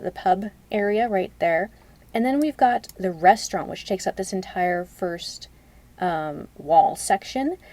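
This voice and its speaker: A woman's voice: medium pitch, a little mellow. Chatty young woman live-streaming. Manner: chatty, rambling, laughs often, self-correcting. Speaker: live streamer showing reference photos. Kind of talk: casual live-stream chat.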